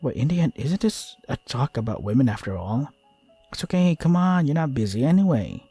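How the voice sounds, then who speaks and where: A man's voice: mid-range voice, very animated, fairly quick, mellow, breathy edge, no echo, faint music behind, full character voice. A man voicing an eager, pushy young male friend from a visual novel in a raised voice while reading the game aloud.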